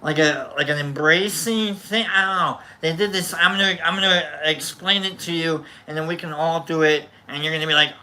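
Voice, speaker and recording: Hosting a laid-back chat show, a man speaks on the high side at a moderate pace, barely pausing. His tone is steady yet bright and forceful as he rambles, restarts and jokes around.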